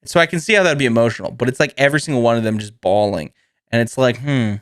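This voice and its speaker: A man hosting his own podcast chats casually and fast in a mid-range voice, rambling with lots of fillers, laughing often and acting out voices as he tells stories. The sound is clean studio quality with no room sound.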